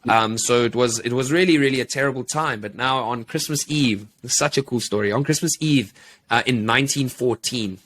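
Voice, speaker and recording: Male podcast co-host, casual storyteller, loose and filler-heavy, average pitch. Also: moderate pace, a bit bright. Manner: rambling, many fillers and restarts.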